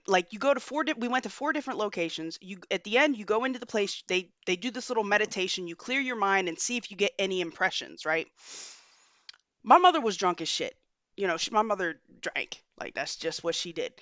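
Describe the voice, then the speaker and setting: Bright, lively woman telling a story. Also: mid-range voice, dry recording, highs cut off. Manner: animated, profane storytelling with slang. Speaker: podcast host. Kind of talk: casual storytelling chat.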